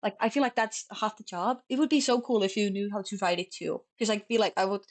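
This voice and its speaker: A young woman from Finland with a Finnish accent, chatting casually on stream, talking fast and sloppily and stumbling over her words. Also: mid-range voice, fairly even intonation. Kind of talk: casual chat.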